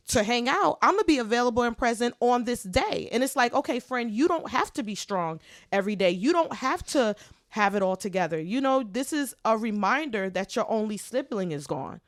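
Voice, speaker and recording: A woman co-hosting a podcast in heartfelt, casual chat, talking expressively and getting loud when she preaches. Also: a little high, a little fast, no echo, studio quality. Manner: expressive, preachy, animated swings in loudness. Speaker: podcast co-host.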